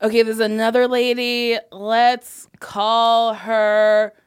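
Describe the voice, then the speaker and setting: Animated woman guest, high voice. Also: slow, smooth, dry recording, clean studio sound. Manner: animated, playful, laughs often. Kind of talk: casual chat.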